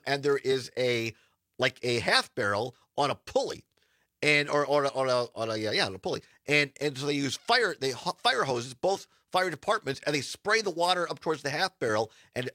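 A man's voice: fairly high pitch, pushed and bright, no echo, clean studio sound. Laughing, chatty radio host man. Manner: laughs often, loose and chatty, reads promos. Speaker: radio talk show host. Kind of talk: casual radio chat.

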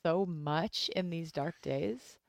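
A woman guest chatting on a radio talk show, upbeat and quick to laugh. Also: low-pitched, gravelly, dry recording, clean studio sound. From Wisconsin, USA. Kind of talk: casual radio chat.

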